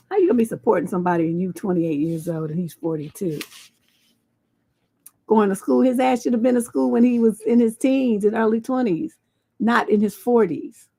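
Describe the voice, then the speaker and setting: A woman's voice: mid-range voice, normal speed, dark tone, no room sound. A woman hosting a livestream as a relationship coach. She talks in a blunt, sassy way and swears freely. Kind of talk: livestream advice show.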